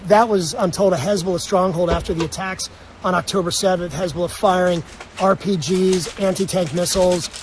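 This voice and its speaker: Higher-pitched guy doing a tv field report outside, steady newsy delivery, faint noise. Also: low-quality recording. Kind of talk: on-location news report.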